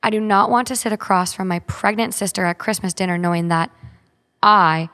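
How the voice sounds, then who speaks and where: A woman's voice: mid-range voice, brisk, a bit bright. A woman podcast co-host reading a listener's story aloud, then chatting casually about it with frequent "like". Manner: reads steadily, then chats with frequent "like". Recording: long hall reverb.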